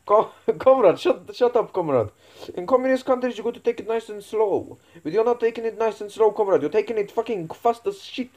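A man's voice: high voice, animated, a little fast, darkish tone. A man hosting a comedy channel, swearing a lot, laughing often and calling everyone comrade as he chats over a game. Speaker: comedy YouTuber host. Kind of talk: profane comedic gaming commentary.

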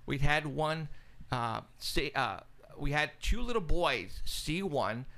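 A radio show host telling an excited, casual story, acting out both sides of a phone call. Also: male voice, on the high side, slow. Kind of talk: casual chat. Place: studio, live stream.

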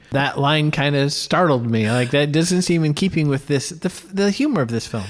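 A man's voice: fairly high pitch, expressive, moderate pace. A man co-hosting a casual film podcast who laughs readily and thinks aloud with small restarts. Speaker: film podcast co-host and filmmaker. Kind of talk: casual film discussion chat.

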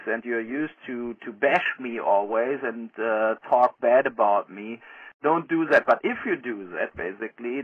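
A man, a film director, giving a blunt, halting recorded greeting with fillers. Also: mid-range voice, husky, dry recording. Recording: tinny phone-like, dry sound.

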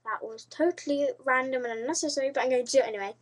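A woman's voice: high voice, very fast, heavy background noise. A British woman chatting giddily and rambling in a casual video response. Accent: British English. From Britain. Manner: giddy, rambling, restarts a lot. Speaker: video blogger.

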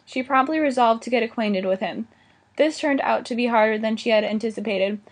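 A woman's voice: a little high, a little fast. A woman reading a children's novel aloud, giving the dialogue light character inflection. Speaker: audiobook reader. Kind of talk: scripted narration of a children's novel.

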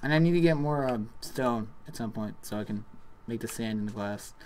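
A young man, maybe a teen, hosts his own gaming channel and rambles casually over the game, restarting sentences and scattering fillers. His voice sits at an ordinary middle pitch. The desk mic picks up a faint hiss and the clicking of his keyboard. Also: brisk, a little mellow. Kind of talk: casual gameplay commentary. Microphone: desktop USB microphone. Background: keyboard typing and clicks.

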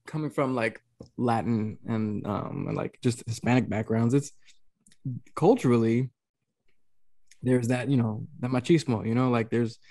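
A man hosting a podcast, telling a funny story in a casual, animated way at home over a video call. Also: a little slow, long pauses. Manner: animated storyteller, imitates his dad in a low mumble. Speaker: podcast host.

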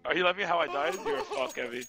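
A man's voice: fairly high pitch, racing, over music. A man on team voice chat in a shooter match, laughing, swearing and trash-talking his teammates. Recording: voice chat over loud gunfire.

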